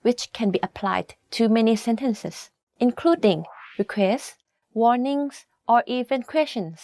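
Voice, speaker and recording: A woman whose first language is Thai teaches a scripted video lesson, with clear, deliberate delivery that slows down for example words. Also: a little high, a little mellow, dry recording, clean studio sound.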